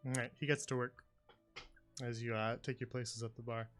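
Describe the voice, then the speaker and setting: A man narrating as dungeon master, relaxed and full of ums and uhs. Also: medium pitch, normal speed, soft background music. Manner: filler-heavy, relaxed narration. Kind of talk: narrating a tabletop game.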